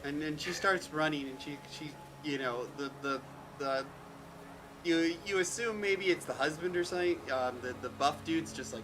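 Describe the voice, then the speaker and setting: A man's voice: on the high side, normal speed, background noise. A man running a tabletop game as game master, stammering and repeating words as he narrates.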